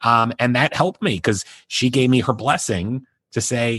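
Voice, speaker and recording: A man's voice: mid-range voice, measured pace, hardly any pauses, fairly bright tone, breathy edge, dry recording. Middle-aged man, rambling heartfelt storytelling, dry close mic, lots of restarts. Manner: rambling, many restarts and "you know". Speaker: interview guest, entertainment publicist. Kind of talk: emotional personal storytelling.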